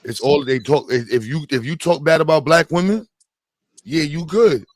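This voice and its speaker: A man's voice: fairly high pitch, moderate pace, dry recording. A man hosting a stream, reacting and arguing in a blunt, profane, heated casual way. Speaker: stream host.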